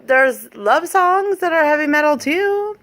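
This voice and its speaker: A woman with a somewhat high-pitched voice, chatting casually as a co-host and parent. She talks thoughtfully, explains things with care, and often rephrases her questions as she works them out. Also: lively intonation, measured pace, a bit bright. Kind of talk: casual chat.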